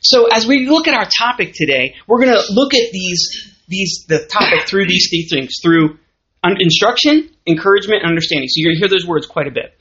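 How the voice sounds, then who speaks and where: Lively Southern woman teaching a church class. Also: medium pitch, a little fast. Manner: lively, conversational, asks the audience questions. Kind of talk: sermon. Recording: muffled lo-fi recording.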